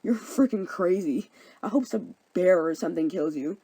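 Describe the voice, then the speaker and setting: A woman's voice: on the low side, lively intonation, normal speed, dark tone, husky. A woman voicing Demetrius, an annoyed young man who brushes people off curtly. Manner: curt, dismissive.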